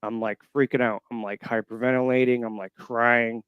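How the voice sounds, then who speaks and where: A man in his thirties from Florida, calling in to a show and haltingly telling a personal story full of fillers. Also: medium pitch, little pitch movement, clear, resonant tone, dry recording, phone-quality sound. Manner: halting, emotional, many fillers. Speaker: caller. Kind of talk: casual storytelling. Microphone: call-in line.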